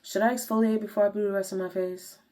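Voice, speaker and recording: A woman's voice: mid-range voice, level tone, fast, a little mellow, a little hiss or hum. A young woman vlogger chatting casually to viewers in slangy talk while walking through her skincare routine. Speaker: beauty vlogger.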